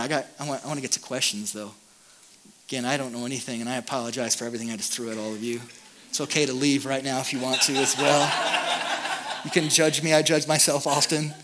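A man's voice: mid-range voice, a bit bright, a little hiss or hum. A man in his thirties, a pastor giving a candid, self-deprecating talk to an audience. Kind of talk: conference talk.

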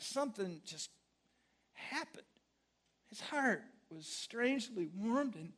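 A man pastor preaching a sermon, telling a story dramatically and swinging from hushed words to loud, blunt exclamations. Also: high-pitched, big pitch swings, slow, gravelly, long pauses, breathy edge. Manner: conversational, blunt.

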